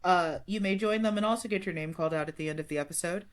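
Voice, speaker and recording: A woman hosting a podcast, bantering playfully and reading patron thanks and sponsor notes in a casual way. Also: lowish voice. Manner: playful, laughing, then brisk sponsor read. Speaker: podcast host.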